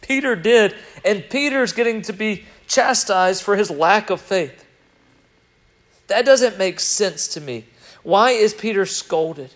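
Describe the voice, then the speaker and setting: A man preaching a sermon in an animated way, swinging between loud emphasis and quiet, reflective stretches. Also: high voice, slow pace.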